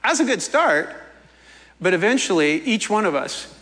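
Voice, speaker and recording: Animated man preaching in a big hall. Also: sits high, moderate pace. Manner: animated, playful, acts out the quotes. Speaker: pastor. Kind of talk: sermon.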